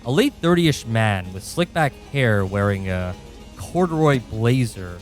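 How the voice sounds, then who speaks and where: A man runs a comedic tabletop game, narrating scenes in a deadpan voice that keeps slipping into laughter. His pitch moves a lot as he narrates. Faint music plays behind him. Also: a little slow. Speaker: game master.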